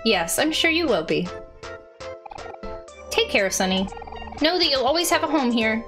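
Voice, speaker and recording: A woman's voice: high-pitched, sing-song, measured pace, music in the background. A woman reading as a kind, caring mother. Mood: tender.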